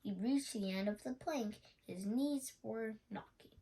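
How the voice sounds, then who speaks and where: Woman reading a kids book out loud, slow and expressive, kinda high voice. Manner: slow, expressive read-aloud. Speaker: storybook reader. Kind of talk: children's storybook reading.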